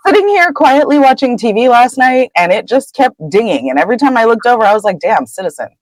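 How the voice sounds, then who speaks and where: Female host, casual chat, quick playful interjections; lively pitch, dry mic. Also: no echo, rough recording. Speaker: podcast host.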